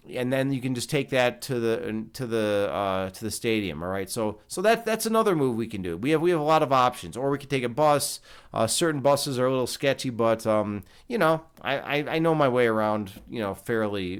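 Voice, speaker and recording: A man hosts a livestream and talks casually to his chat. He rambles loosely and swears freely, in a mid-pitched, ordinary voice. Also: clean tone. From Chicago. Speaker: livestream host. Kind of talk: casual chat reading live comments.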